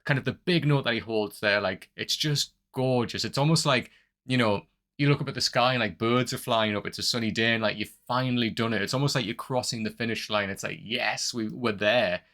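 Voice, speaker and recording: Casting note: male music reactor, mid-pitched, effusive and gushing, loose chatty delivery. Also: fairly quick, a bit bright. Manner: enthusiastic, gushing praise with many fillers; upbeat sign-off plea to viewers. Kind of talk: casual music commentary.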